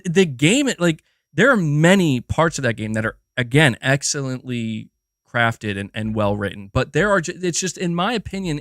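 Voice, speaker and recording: A man hosting a gaming livestream, ranting in a swearing, emphatic way that keeps restarting mid-sentence. His voice sits a little high for a man. The sound is close and dry, with no room around it. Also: dry recording. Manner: animated, profane and emphatic, with frequent restarts. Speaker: livestream host. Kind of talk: casual livestream rant.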